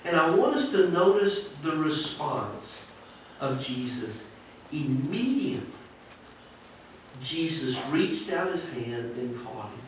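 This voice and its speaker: Preacher, male, fairly high voice, earnest conversational delivery; church recording, echoey and off-mic. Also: sing-song, slow, a little hiss or hum. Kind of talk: sermon. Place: church sanctuary. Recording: echoey church audio from a distance.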